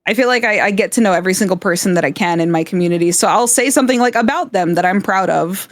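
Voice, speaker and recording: Woman streamer, mid pitch, blunt and giggly, swears casually; dry close mic. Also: fast talker, no echo. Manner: blunt, swears, laughs often. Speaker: streamer guest.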